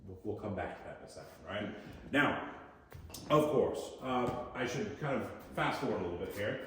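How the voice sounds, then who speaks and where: A man leading a guided tour at a historic fort, lively and joking, often quizzing his group. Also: lowish voice, fairly quick. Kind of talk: guided tour talk to visitors. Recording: echoey space, voice from a distance, faint noise.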